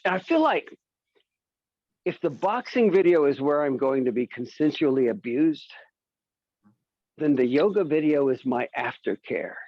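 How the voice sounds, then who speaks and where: A man's voice: on the high side, lively intonation, a little slow, long pauses, no echo, muffled recording. A man doing a stand-up comedy set, telling stories and slipping into silly voices.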